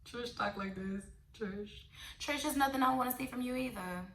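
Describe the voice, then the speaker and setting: A woman's voice: a little high, moderate pace, a bit bright, a little hiss or hum. Sassy blunt woman in an echoey room. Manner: sassy, blunt, repetitive, talks straight to viewers. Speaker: reality TV recap vlogger. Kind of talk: casual opinionated show review.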